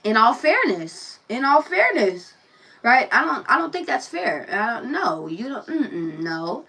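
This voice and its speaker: A woman's voice: fairly high pitch, big pitch swings, a little slow, pushed and bright, slightly rough, distant mic, low-quality recording. A woman giving a casual tarot reading, telling a personal story and talking bluntly and profanely straight to the viewer. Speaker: tarot reader.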